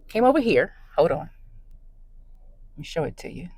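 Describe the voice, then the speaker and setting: A woman with a low-pitched voice vents in a casual vlog rant, emphatic and conversational as she tells her story. The sound is close and dry, with almost no room echo. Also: sing-song, moderate pace, a little mellow, husky. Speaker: book vlogger. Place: in her car.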